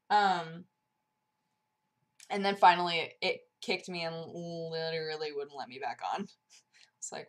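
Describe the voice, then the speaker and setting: A bubbly young woman chats to her viewers in a gushing, rambling way, peppering everything with "like". Her voice sits a little low for a woman. A sore throat and a cough keep creeping into it. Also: steady tone, normal speed. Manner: bubbly, gushing, heavy use of "like". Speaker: vlogger. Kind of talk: casual vlog chat.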